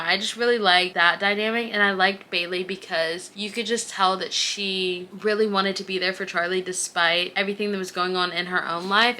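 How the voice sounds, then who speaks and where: A young woman gushes over her favorite books in a loose, chatty vlog, piling on restarts and fillers. Her voice is bright and forward, with a faint hum of room noise behind it. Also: mid-range voice. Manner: gushing, chatty, lots of "like" and restarts. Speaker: book vlogger. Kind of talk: casual book recommendation vlog.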